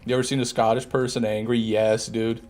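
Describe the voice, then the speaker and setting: A man's voice: medium pitch, little pitch movement, a little fast, darkish tone, soft background music. An American man in live gameplay commentary, chatting with viewers in a joking, swearing way and often laughing. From United States. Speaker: gaming streamer.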